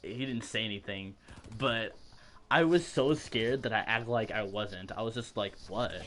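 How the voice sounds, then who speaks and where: Here the young podcast host's voice is fairly low yet fairly bright, at normal speed, with a slight hiss or hum. He's a teenage boy recounting school stories casually, laughing often and performing the quoted voices.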